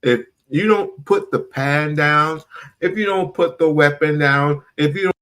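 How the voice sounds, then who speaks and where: A man calmly explaining his opinion in a measured, hesitant way. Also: on the high side. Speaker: panel speaker. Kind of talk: opinionated talk.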